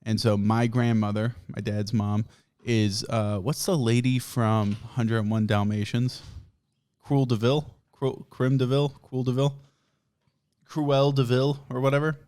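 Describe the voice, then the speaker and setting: A man's voice: mid-range voice, little pitch movement, measured pace, darkish tone, clean tone. A man hosting a podcast, telling a rambling, profane story in a casual way and laughing often. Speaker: podcast host.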